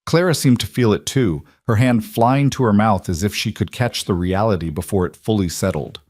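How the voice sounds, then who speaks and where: A man narrating a western romance story in a calm, measured scripted reading. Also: lowish voice, no echo, clean studio sound.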